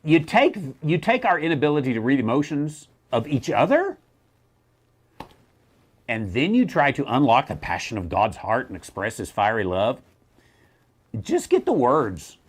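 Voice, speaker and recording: Blunt, wry pastor with a lively voice. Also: male voice, medium pitch. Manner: blunt and wry, with quick self-mocking laughs and mimicking asides. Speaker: pastor and theologian hosting a Bible Q&A show. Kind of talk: casual teaching talk.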